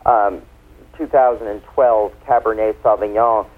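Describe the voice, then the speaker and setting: A man's voice: lowish voice, fairly even intonation, a little slow. A man, a wine expert guest, explaining things in a chatty, playful way during a casual radio interview. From United States. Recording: tinny phone line.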